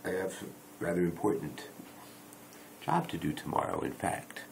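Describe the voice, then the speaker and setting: A man rambles to his viewers late at night, correcting himself and teasing them along the way. His voice sits low with a gravelly edge, and his pitch swings up and down freely. He speaks into a dedicated microphone. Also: sing-song, moderate pace, a little hiss or hum, low-quality recording. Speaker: video blogger. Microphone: dedicated microphone rather than phone.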